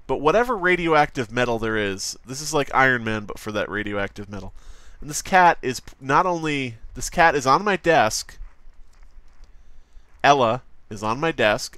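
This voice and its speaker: A man's voice: mid-range voice, pushed and bright, no room sound. Rambling, profane male streamer, dry sound. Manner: rambling, profane and jokey, often breaking into mock voices. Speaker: live streamer. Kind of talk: casual live-stream chatter while drawing. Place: at a desk at home.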